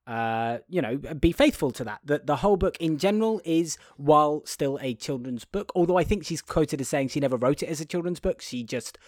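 A man in a relaxed chat about a film, his voice sitting a little high and close to the mic in a dry, dead space. He stumbles and restarts, then bursts into lively impressions of what the characters say. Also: fairly quick, few pauses, dry recording. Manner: animated, acts out quotes in high silly voices; hesitant restarts. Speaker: podcast co-host. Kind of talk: casual film discussion.

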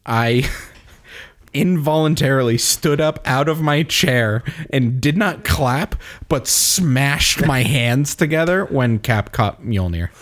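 A man co-hosting a casual movie recap podcast, excitable and laughing often as he talks in quick bursts. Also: mid-range voice. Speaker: podcast co-host.

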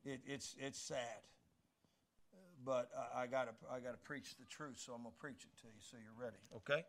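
With a steady, mid-range voice and a brisk pace, an older man delivers a sermon as pastor. He speaks emphatically and conversationally, building to shouted peaks while faint music plays behind him.

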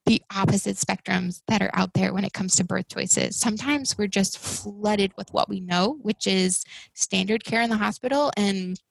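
A woman in her thirties, a podcast guest, speaking in a casual conversational way and acting out other people's words in an animated voice while she tells her stories. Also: mid-range voice, moderate pace, gravelly, breathy edge, no room sound, rough recording. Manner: animated storytelling, acts out quoted people in raised voices.

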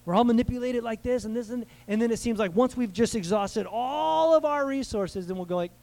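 Male American pastor, light high voice, casual preaching style with audience call-and-response. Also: a little fast, creaky, hardly any pauses, a little mellow, rough recording. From United States. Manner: conversational preaching, asks the crowd for amens. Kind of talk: sermon.

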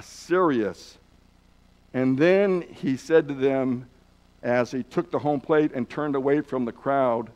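A man teaching a lesson through a story, with dramatic pauses and restarts. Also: mid-range voice, a little mellow, highs cut off. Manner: repeats words while telling. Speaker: Bible teacher.

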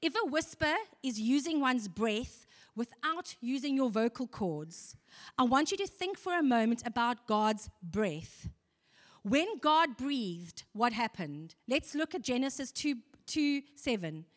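Woman, preacher, slightly high voice, earnest, conversational, long echo of a church hall. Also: very animated, measured pace. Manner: earnest, conversational, with rhetorical questions to the congregation. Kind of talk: sermon.

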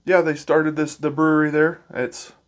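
A man from Arkansas, co-hosting a podcast in a relaxed, easygoing way, often pausing on fillers. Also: on the high side. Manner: relaxed, easygoing, quick to laugh, hesitant fillers. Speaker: podcast co-host. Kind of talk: casual chat.

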